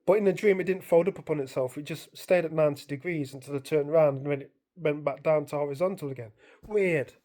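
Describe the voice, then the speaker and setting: A woman's voice: low voice, fast, mellow. A woman, rambling through a casual story to camera, full of fillers and repeated phrases. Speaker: vlogger.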